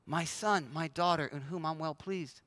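A man voicing God as a gentle, reassuring male presence, speaking softly and slowly. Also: a little high, no echo, studio quality, pitched below the performer's own voice, lightly acted. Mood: tender. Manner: soft, hushed and slow.

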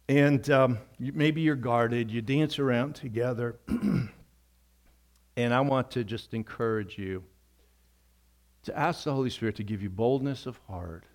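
An earnest man in the pulpit, his voice sitting at an ordinary middle pitch. He preaches with heartfelt emphasis and repeats his key points, then slows and softens into prayer. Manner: softens to a quiet, slow prayer. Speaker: pastor. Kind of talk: sermon closing in prayer.

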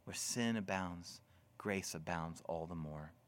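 A man preaching a sermon as pastor, swinging deliberately between loud emphasis and hushed, whispered lines. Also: sits low.

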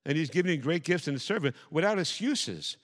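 An older man delivers a sermon as pastor, driving his points home through repetition and rising fervor. His voice sits somewhat high for a man. The sound rings with the long reverb of a church hall. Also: lively intonation, a little fast. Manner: emphatic preacher, repeats phrases, rising to fervor.

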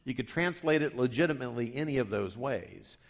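A man preaching a sermon in a conversational way, rising for emphasis and dropping low for asides. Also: expressive, fairly quick. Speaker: pastor.

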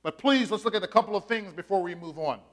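A middle-aged male pastor preaching a sermon, animated, with drawn-out emphatic phrases and frequent "uh" fillers. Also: sits high.

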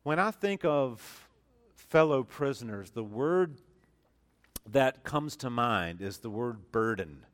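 Speaking slowly with medium pitch and lively intonation, a pastor preaches a sermon in a conversational way that grows earnest and emphatic. He stresses key words, restarts often, and repeats phrases.

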